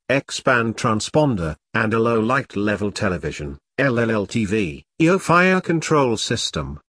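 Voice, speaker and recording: A man's voice: mid-range voice, a bit bright, no echo. Man narrating, punctuation read aloud. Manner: reads punctuation marks aloud. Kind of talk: audiobook narration.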